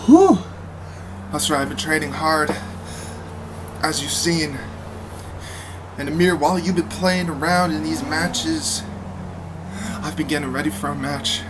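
A man's voice: fairly high pitch, steady tone, a little slow, pauses often, pitched below the performer's own voice, natural voice. A man voicing a cocky, taunting male wrestler who owns the promotion, out of breath and boastful. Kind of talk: wrestling promo in a fan-made game show. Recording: loud background noise.

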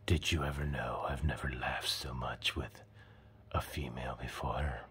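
A man doing whispered role-play as a flirtatious, smooth-talking Latin lover with a deep, breathy whisper. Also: fairly even intonation, unhurried, sharp tone, heavily acted. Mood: seductive. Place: storage unit.

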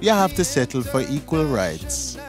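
A man's voice: medium pitch, big pitch swings, normal speed, music in the background. A man narrating a scripted story in the second person, in a dramatic storytelling manner.

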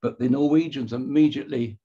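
A man giving an illustrated history talk with slides, measured and wry, pausing and correcting himself as he goes. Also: medium pitch, fairly even intonation, husky, lo-fi sound.

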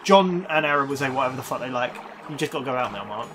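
A man's voice: mid-range voice, lively intonation, fast talker, background noise. A young man co-hosting a gaming let's play, telling stories and swearing casually. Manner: sweary, laughing, storytelling.

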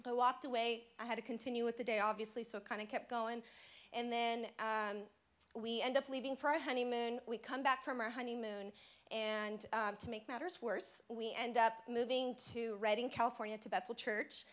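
A woman's voice: a little high, steady tone, normal speed. A woman in her thirties giving a chatty, practical personal testimony at a church women's event. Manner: bubbly, chatty, practical storytelling. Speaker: women's conference speaker. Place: church stage before a live audience.

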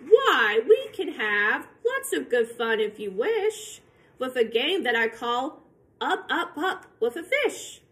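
A woman voicing a playful, showy male cat trickster in a storybook read-aloud, with a slow, sing-song, boastful delivery. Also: high-pitched, big pitch swings, a bit bright, heavily acted. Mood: cheerful.

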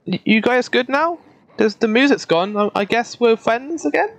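A woman's voice: a little high, lively intonation, normal speed. Chatty young woman streaming a game. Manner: chatty, laughing, talks to the game and chat. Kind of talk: casual gameplay commentary. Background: faint game music.

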